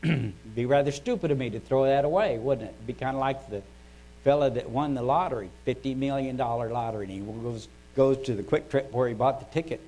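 An older man giving a devotional talk. He speaks in a conversational, folksy way and often clears his throat. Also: mid-range voice, a little fast, warm tone, rough recording.

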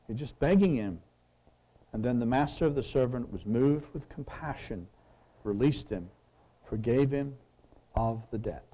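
A man delivers a sermon in an easy, conversational way, reading passages aloud and turning to his listeners with questions. His voice is mellow and warm, at an ordinary pitch. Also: moderate pace. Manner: conversational, asks the audience questions. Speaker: preacher.

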